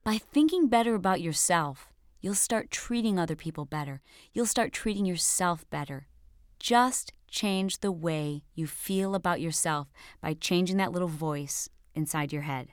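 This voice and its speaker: A woman's voice: fairly low pitch, animated, a little slow, smooth, dry recording, clean studio sound. A woman fitness instructor giving a scripted motivational coaching talk, emphatic and direct as she speaks straight to the viewer.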